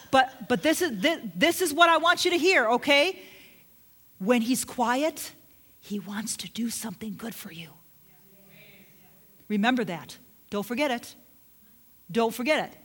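A middle-aged woman preaching a sermon, emphatic, repeating key phrases and asking the congregation direct questions. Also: a little high.

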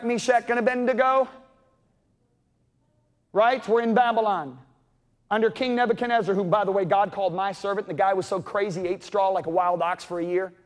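A man preaching a sermon, telling stories dramatically and swinging between loud calls and hushed moments. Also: sits high, big-room sound. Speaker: pastor. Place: church sanctuary.

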